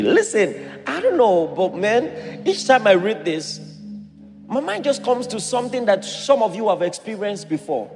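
A Nigerian man preaching a sermon as a pastor, animated and acting out voices in his stories. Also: high-pitched, unhurried, in a large hall, faint music behind.

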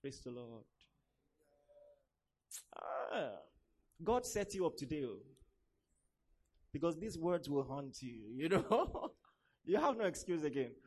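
A man's voice: on the high side, husky. A young man preaching a sermon, telling stories and acting out the voices of the people in them. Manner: animated storytelling, acts out quoted voices.

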